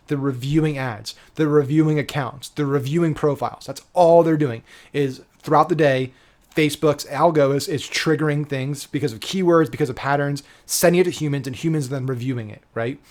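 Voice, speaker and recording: With a voice on the high side, a bit mellow, and a normal pace, a male digital marketing coach offers a casual, emphatic lesson, regularly saying "right?" to check in and swearing casually.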